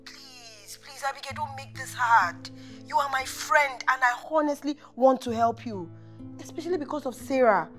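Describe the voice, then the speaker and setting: An actress playing a firm but caring supervisor, speaking earnestly in a film drama. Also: female voice, high voice, moderate pace, a bit bright, faint music behind.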